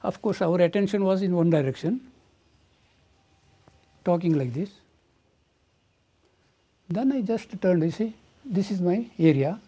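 An older man with an Indian English accent, a coffee estate owner, recounting in an interview how an elephant attacked him, halting and restarting mid-phrase. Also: high voice, lively intonation, dark tone. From southern India.

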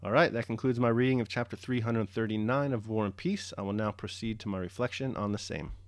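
Low-voiced man reading a novel aloud. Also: a little fast, no echo. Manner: steady, articulate, expressive reading. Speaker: audiobook reader and commentator. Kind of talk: measured audiobook narration and reflection.

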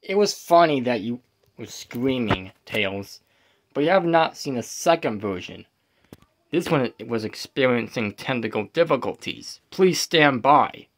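A man's voice: medium pitch, animated, a little slow, pitched below the performer's own voice. A man voicing a playful male hedgehog who teases his friend and hesitates with fillers. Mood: teasing.

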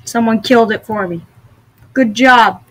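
A woman giving casual gameplay commentary with excitable, dramatic outbursts, sometimes trying out odd voices. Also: fairly high pitch, a little slow, low-quality recording. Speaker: gamer.

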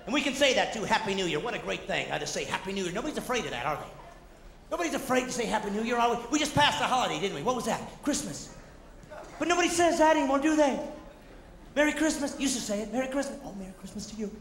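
A man doing a high-energy stand-up comedy set, shouting and working the crowd. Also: very animated, very fast, creaky. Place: large hall with a live audience. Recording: echoey hall, loud crowd and noise.

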